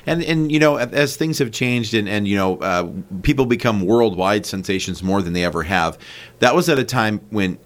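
Low-voiced agreeable radio co-host. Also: male voice, animated, normal speed. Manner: agreeable, frequent short backchannels. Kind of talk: casual morning radio chat.

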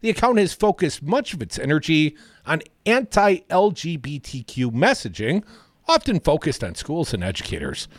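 Sarcastic talk radio man, lively pitch. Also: normal speed, no echo. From Madison, Wisconsin, USA. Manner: sarcastic, opinionated, chatty. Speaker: radio talk show co-host. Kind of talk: casual political talk radio.

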